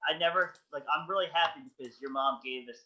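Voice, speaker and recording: A man's voice: a little high, quick pace. A young man co-hosting a podcast, telling stories in casual chat with lots of fillers. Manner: lively storytelling, many fillers. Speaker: podcast co-host. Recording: dull lo-fi sound.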